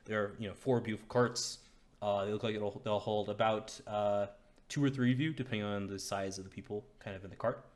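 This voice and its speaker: A man with a fairly low voice narrates a tabletop game as dungeon master. His talk rambles casually and is peppered with fillers and self-corrections. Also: steady tone, fairly quick.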